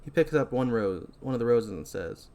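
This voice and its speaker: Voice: mid-range voice, lively intonation, moderate pace, vocal fry, mellow. Chatty podcast host recapping a movie. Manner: chatty, filler-heavy, laughing.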